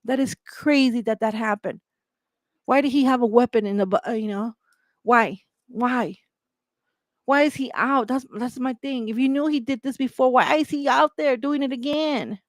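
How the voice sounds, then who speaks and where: A woman host speaks in an impassioned monologue, circling back to the same points and firing off rhetorical questions. Her voice sits fairly high, and the sound is dry and close with no room around it. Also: moderate pace, no echo. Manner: emphatic, repetitive, rhetorical questions, heated.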